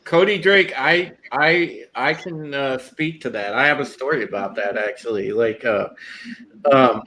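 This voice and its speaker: A man's voice: mid-range voice, a little slow, bright, forceful tone, slight background noise. A man hosting a podcast who chats casually and crudely, stammering and restarting his sentences. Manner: stammering, repeats words, crude. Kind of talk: casual chat.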